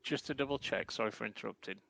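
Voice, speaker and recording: Gravelly low man helping at a game table. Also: very fast, fairly bright tone, rough recording. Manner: helpful, explains character-sheet details plainly. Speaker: player. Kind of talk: casual tabletop game chat.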